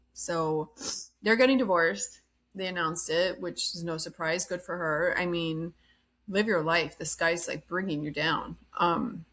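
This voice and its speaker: Woman podcast host chatting casually, blunt and opinionated, says like a lot, mid pitch. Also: fairly bright tone. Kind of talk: casual reality TV recap.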